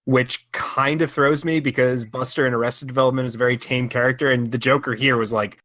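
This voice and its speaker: A man chats casually and jokily as a podcast co-host. His voice has an average pitch and is recorded dry and close, with no room echo. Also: steady tone, fairly quick, bright, forceful tone.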